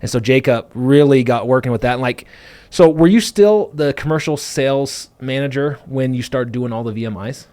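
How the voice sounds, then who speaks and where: A man's voice: medium pitch, no room sound. A man hosting a podcast, telling his business story in a loose, rambling way full of fillers. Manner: fast, animated, full of fillers like "like" and "you know". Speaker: podcast host and business owner. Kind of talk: casual conversational storytelling.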